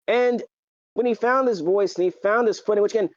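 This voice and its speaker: A man talks in a loose, rambling podcast chat, full of ums and restarts. His voice sits a bit high, and the recording is dull and lo-fi. The sound is dry, with no room around it. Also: brisk, dry recording. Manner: rambling, filler-heavy, excitable. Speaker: podcast co-host. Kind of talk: casual wrestling chat.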